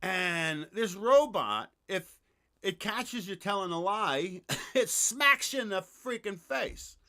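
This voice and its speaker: A man's voice: high-pitched, expressive, takes it slowly, sharp tone. A man hosting his podcast, chatting loosely, telling a joke and swearing freely. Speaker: podcast host. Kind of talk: casual chat and joke telling.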